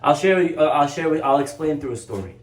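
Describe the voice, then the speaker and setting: Animated man telling a teaching story. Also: a little high, brisk. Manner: animated storyteller, acts out quotes. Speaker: rabbi teacher. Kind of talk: storytelling Torah lesson. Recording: echoey room.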